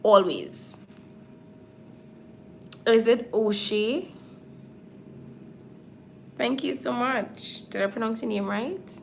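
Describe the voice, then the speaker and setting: This makeup artist's voice is on the high side, slow and gravelly, with long pauses. She chats casually to her viewers on a livestream while applying false lashes, and there's slight background noise.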